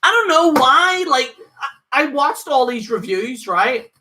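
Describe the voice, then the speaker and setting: A man's voice: very high voice, big pitch swings, measured pace, bright, forceful tone. A man giving a casual, opinionated live review, rambling with lots of fillers and restarts. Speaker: wrestling show reviewer.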